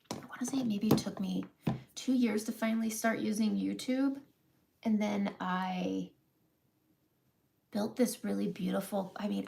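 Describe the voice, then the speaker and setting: A woman's voice: mid-range voice, creaky, a little mellow. A woman in her thirties talking candidly on her live makeup vlog, emotional and close to tears, laughing through it. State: close to crying. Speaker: makeup seller and vlogger.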